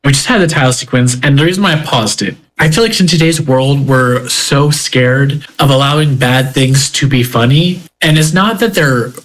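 A man's voice: medium pitch, normal speed, few pauses, fairly bright tone, poor audio. A man hosting a podcast, talking earnestly and reflectively about emotions while reacting to a show. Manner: earnest, self-reflective, talks through feelings. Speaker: podcast host reacting to a TV episode. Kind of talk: casual reflective commentary.

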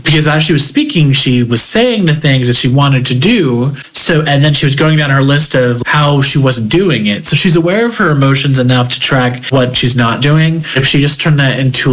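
A man's voice: medium pitch, poor audio. A man hosting a podcast, talking earnestly and reflectively about emotions while reacting to a show. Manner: earnest, self-reflective, talks through feelings. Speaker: podcast host reacting to a TV episode. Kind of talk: casual reflective commentary.

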